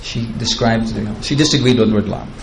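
A man's voice: lowish voice, brisk, slight background noise, poor audio. A man giving a devotional lecture, retelling scripture in a chatty, digressive way and chuckling at his own asides. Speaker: spiritual teacher.

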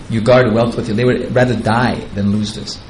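Man, spiritual teacher, devotional storytelling, chatty and digressive, chuckles often, middle-pitched, faint background hum. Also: little pitch movement, moderate pace. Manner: chatty and digressive, chuckling at his own asides.

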